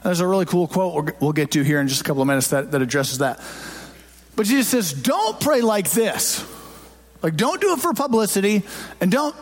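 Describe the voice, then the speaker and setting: A man preaching a sermon to a congregation in a church, talking in a conversational way and joking with the crowd, on a handheld microphone. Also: sits high. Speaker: pastor. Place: church sanctuary before a congregation.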